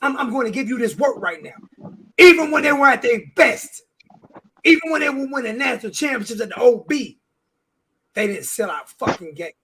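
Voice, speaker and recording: High bright husky guy ranting on a sports show, cussing a lot. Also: expressive, brisk. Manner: profane, ranting, repeats words. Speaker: show regular. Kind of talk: heated sports talk.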